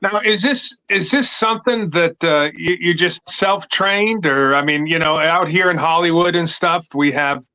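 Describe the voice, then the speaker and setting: A man hosting a casual live talk show, with a bright, slightly high voice. He asks his questions in halting bits, stacking fillers and restarts before he gets to the point. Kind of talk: casual livestream chat.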